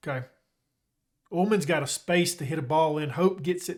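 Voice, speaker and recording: A man casually commentating his own football management game, chatty and excitable, joking with his viewers. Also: fairly high pitch, moderate pace. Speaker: gaming YouTuber.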